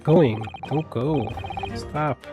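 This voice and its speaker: A man's voice: on the high side, extremely slow, loud music behind the voice. A man voicing a flustered young man, panicky and exclaiming. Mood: panicked. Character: flustered young male law student hero.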